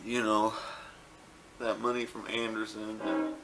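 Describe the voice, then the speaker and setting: A man's voice: fairly low pitch, huge pitch swings, unhurried, loud music behind the voice. A man talking casually to a home camera, rambling with fillers and repeated words. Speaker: vlogger. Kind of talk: casual home video talk.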